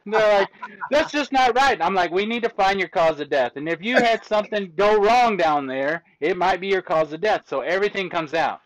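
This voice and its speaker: A fairly high-voiced man tells stories in a lively way, mimicking the people he argues with. The recording sounds dry and a bit dull, with little room around the voice. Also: a little fast, few pauses, no room sound. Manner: lively storyteller acting out exchanges with commenters. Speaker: autopsy technician guest. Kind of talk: casual conversational explaining.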